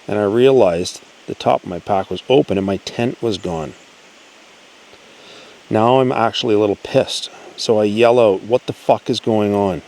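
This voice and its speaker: A man hosting his channel, reading a listener's encounter story aloud in an earnest, storytelling way with pauses. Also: lowish voice, darkish tone, poor audio. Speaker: channel host.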